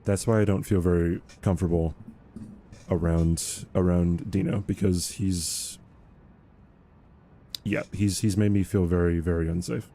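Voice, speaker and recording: Young male streamer, low dark voice, rambling casual talk with lots of "right?" and stammered restarts. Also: fairly even intonation, a little slow, pauses often, slight background noise. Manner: rambling, frequently ends points with "right?"; stammers and repeats words. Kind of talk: casual livestream chat while gaming.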